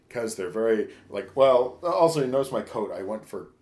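A man's voice: medium pitch, lively intonation, a little fast, few pauses, darkish tone. A man co-hosting a podcast in casual chat, candid and profane, acting out his own inner dialogue. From Michigan. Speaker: podcast co-host. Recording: roomy echo.

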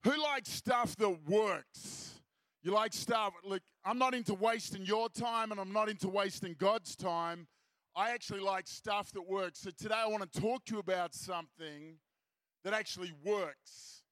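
Upbeat Australian man, high bright voice. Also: measured pace, dry recording. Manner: upbeat, jokey and rousing, repeats key lines for effect. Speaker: seminar speaker. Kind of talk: lively Christian seminar talk with crowd call-and-response. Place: festival stage before an audience.

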